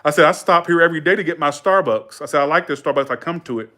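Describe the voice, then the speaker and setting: A young man talks casually to his viewers, rambling and correcting himself as he goes. His voice sits a touch high for a man. He drops into quoted dialogue and keeps a loose, colloquial flow. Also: quick pace, sharp tone. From Georgia, USA. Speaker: live streamer chatting with viewers. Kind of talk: casual chat and storytelling.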